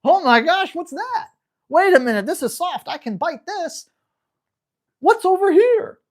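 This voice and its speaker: A man voicing an excitable young male puppy, squealing curious questions in a much higher voice. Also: a little slow, heavily acted. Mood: excited.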